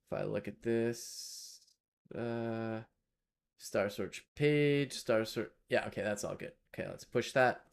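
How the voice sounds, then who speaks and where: A man's voice: fairly low pitch, steady tone, slow pace, gravelly, clean tone. A man, live-streaming while he codes, thinking aloud and chatting with viewers in a casual way.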